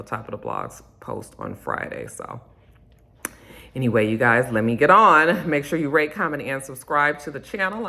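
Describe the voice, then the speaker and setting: A woman chatting through a reality-show recap to camera, telling it with sassy slang and drawn-out emphasis. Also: a bass voice, a bit bright.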